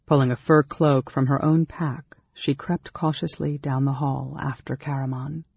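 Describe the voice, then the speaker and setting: A man narrates a fantasy novel in a steady, measured manner. His voice has a gravelly, husky grain. The recording is dull, lo-fi and dry. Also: medium pitch, no room sound. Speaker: audiobook narrator. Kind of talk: scripted narration.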